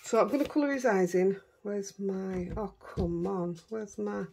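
A woman's voice: medium pitch, unhurried, creaky, dark tone, a little hiss or hum. A middle-aged woman with a Yorkshire accent chatting casually as she crafts, talking to herself and her dogs as she works. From Yorkshire, England. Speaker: craft vlogger.

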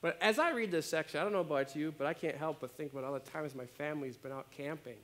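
A man preaching a sermon as pastor, conversational and animated, often checking in with his listeners. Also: on the high side, fast. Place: church.

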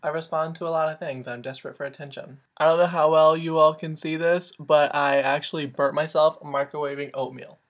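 A man's voice: on the high side, fairly even intonation, a little fast, few pauses. A young man hosting a comedic vlog, sarcastic and self-mocking, swearing freely. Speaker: vlogger.

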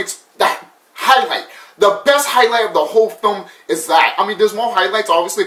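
Male vlogger, somewhat high voice, loose profane movie-review chatter, distant mic in a roomy space. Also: sharp tone. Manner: rambling, swears a lot, laughs often.

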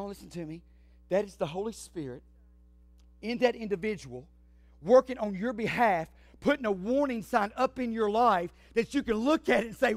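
A man preaching a fiery sermon, swinging from shouts to hushed asides. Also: very high voice, animated, fairly quick, creaky, no room sound. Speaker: pastor.

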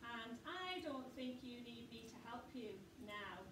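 A woman teaching a phonics lesson to young children, slow, sing-song and encouraging. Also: on the high side, animated, background noise.

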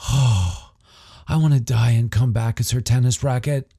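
A man's voice: medium pitch, very animated, takes it slowly, vocal fry, a little mellow, breathy edge, voice pushed up, heavily acted. A man voicing a cocky, crude teenage boy who teases his friends, in an audiobook. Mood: leering. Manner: smug, teasing.

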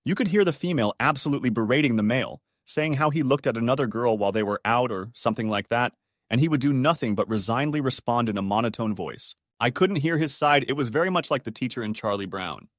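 A man's voice: mid-range voice, animated, quick pace, dry recording. Man reading stories in a dry voice. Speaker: narrator. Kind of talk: scripted narration of online stories.

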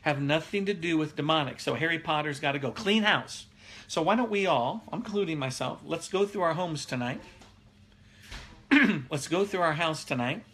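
Middle-aged male pastor, slightly high and bright voice, loose conversational preaching that keeps breaking into chuckles. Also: moderate pace, slight background noise. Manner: laughs often, reads viewer comments aloud. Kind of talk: casual live-streamed Bible teaching.

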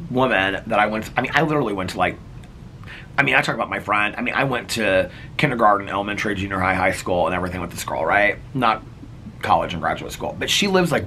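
Middle-aged male vlogger from Indiana, lowish and bright, chatty and heartfelt. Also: animated, quick pace, slight background noise. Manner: chatty, earnest, heavy use of "like". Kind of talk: casual personal storytelling.

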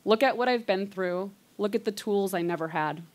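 A woman's voice: mid-range voice, normal speed. A woman in her thirties performs a live personal story, reading old diary entries aloud with candid, self-mocking asides. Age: 30s.

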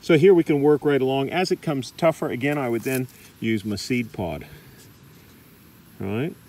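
A middle-aged Australian man demonstrating massage techniques in a relaxed, chatty way, recorded in a park. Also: medium pitch, moderate pace, a little hiss or hum. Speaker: massage teacher. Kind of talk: casual demonstration. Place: park outdoors.

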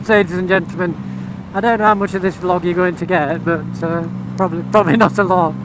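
A man's voice: high-pitched, steady tone, brisk. A man vlogging from a moving motorcycle, chatting and giggling to the camera as he rides. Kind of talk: motorcycle ride vlog. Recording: loud wind and road noise.

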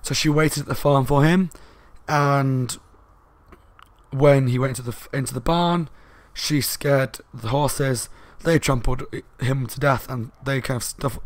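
A man talks his way through a book review in a casual, rambling manner, quick and loud. His voice sits at an ordinary middle pitch. The recording is dry and close, with little room sound. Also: no room sound. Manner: fast and loud talker; rambling, with fillers and asides.

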